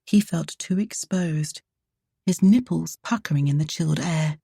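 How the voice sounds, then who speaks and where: A woman reading a romance novel aloud, soft and measured. Her voice is low, mellow and husky, and the recording is close and dry. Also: no echo. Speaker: audiobook narrator. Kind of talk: scripted romance narration.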